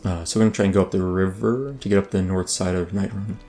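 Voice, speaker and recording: Deep-voiced guy rambling thru a let's play, lots of ums, quiet music under it. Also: steady tone, fast. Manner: rambling, many ums and restarts. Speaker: gaming YouTuber. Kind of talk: casual let's play commentary. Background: soft background music.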